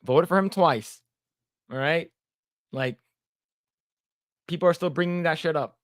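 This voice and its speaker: A man's voice: a little high, measured pace, no room sound, clean studio sound. Rambling, cursing man on a podcast. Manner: rambling storyteller, swears, mimics voices in quotes. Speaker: podcast co-host. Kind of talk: casual chat, reading comments.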